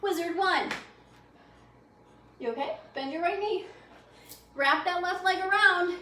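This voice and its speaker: Upbeat high-voiced woman leading yoga. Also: measured pace, pushed and bright. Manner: upbeat, encouraging, playful. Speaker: yoga instructor. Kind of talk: guided yoga class cues. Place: library program room. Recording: echoey room, mic at a distance, faint noise.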